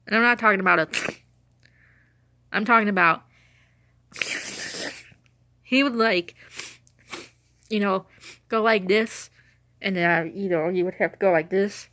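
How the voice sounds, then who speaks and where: A woman's voice: mid-range voice, unhurried, long pauses, pushed and bright, no echo. A woman telling rambling, laughing stories in casual chat, with a runny nose and a cough. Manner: chatty, meandering, laughs often. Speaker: vlogger telling stories about her late dog.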